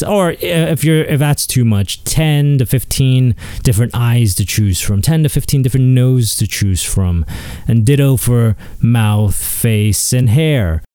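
Solo comedy host, male, sarcastic and foul-mouthed, mellow low-toned voice, dry close sound. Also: smooth, no echo. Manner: profane, sarcastic, mock-outraged. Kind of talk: comedic rant.

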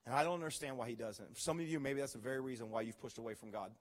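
A man preaching a sermon as pastor, telling stories with animated, acted-out reactions. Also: mid-range voice, very fast, big-room sound. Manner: animated storytelling, acts out his own reactions.

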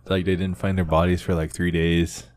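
A young man with a deep, low voice speaks in a casual podcast conversation. He rambles through his account, leaning on "like" and starting sentences over. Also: little pitch movement, normal speed, darkish tone. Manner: rambling, filled with "like" and restarts. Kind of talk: casual storytelling chat.

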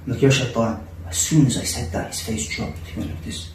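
A man's voice: mid-range voice, fairly even intonation, quick pace, darkish tone, a little hiss or hum. A man telling an intense personal story in casual podcast talk, repeating himself and dropping in Arabic religious phrases. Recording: echoey room, mic at a distance.

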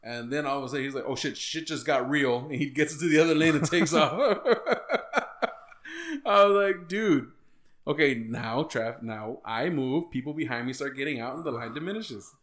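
A man's voice: medium pitch, normal speed, a bit bright. A man, co-hosting a casual podcast chat and telling stories full of swearing and laughter. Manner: profane, laughing storyteller. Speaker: podcast co-host.

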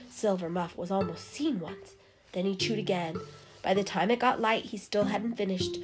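A woman reads a children's animal story aloud in a lively, expressive storyteller's voice. Her pitch sits in an ordinary middle range. Music plays clearly underneath her reading. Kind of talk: storybook narration.

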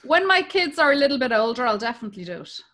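Irish woman, forties, high voice, swearing, animated anecdotes, casual chat. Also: racing. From Ireland. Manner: profane, lively storytelling.

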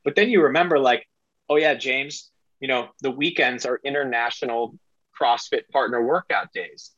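Excitable middle-aged man, dull dry mic. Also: mid-range voice, normal speed, dry recording. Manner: excitable, rambling, self-deprecating. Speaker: podcast guest. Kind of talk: casual interview talk.

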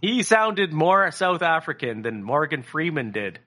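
Bright-voiced, swearing male podcast co-host. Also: fairly high pitch, very animated, measured pace. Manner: profane, rambling, lots of fillers. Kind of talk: casual podcast chat.

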